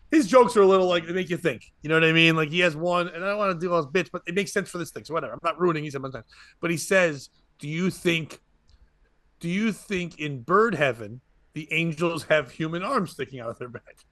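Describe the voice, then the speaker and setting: A man's voice: on the high side, a little fast, a bit bright, no echo. A man, a comedian and podcast host, tells a rambling stand-up story and acts out other people's lines as he goes.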